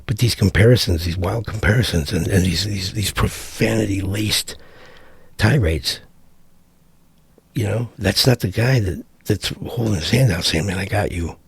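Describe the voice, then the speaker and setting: A man's voice: fairly low pitch, moderate pace, gravelly, husky, dry recording. A middle-aged man giving a profane, exasperated vlog rant, rambling with frequent restarts. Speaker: vlogger. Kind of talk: ranting commentary vlog.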